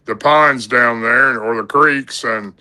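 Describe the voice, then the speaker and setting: Folksy man, very bright voice. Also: mid-range voice, a little slow, low-quality recording. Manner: rambling, folksy, lots of "and, uh". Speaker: podcast guest telling an encounter story. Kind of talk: casual storytelling.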